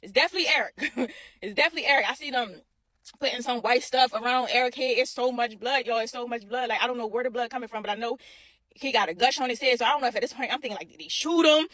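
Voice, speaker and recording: Young woman, casual storyteller; quick delivery, bright-ish high voice, keeps repeating lines. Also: dry recording. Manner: animated, repeats herself, addresses viewers as y'all.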